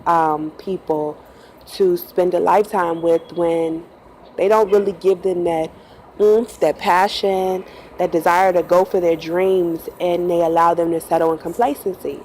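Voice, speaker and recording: A woman's voice: lowish voice, fairly even intonation, measured pace, a little mellow, a little hiss or hum, poor audio. A woman who drives a bus, telling a personal story in a casual, chatty way, laughing often and acting out quotes. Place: in a bus at night.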